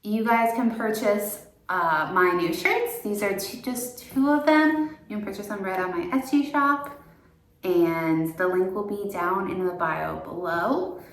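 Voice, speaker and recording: A woman's voice: mid-range voice, unhurried. A young woman hosting a ghost-hunting vlog in an old manor house, chatting casually and explaining her gear to the room. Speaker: paranormal investigator and vlog host. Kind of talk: casual vlog chat and ghost-hunt narration. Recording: very echoey indoor room.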